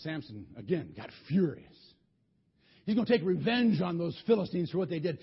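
A man's voice: fairly high pitch, big pitch swings, moderate pace, husky. A man preaching, retelling a Bible story in a folksy, colloquial way with many restarts, on a dull lo-fi recording. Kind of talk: animated Bible storytelling sermon.

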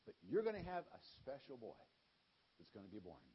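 A man voicing a casual, friendly male angel messenger who talks in a relaxed, reassuring way. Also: mid-range voice, brisk, breathy edge, voice pushed down, heavily acted. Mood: easygoing. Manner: laid-back, chatty, reassuring. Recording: dull lo-fi recording.

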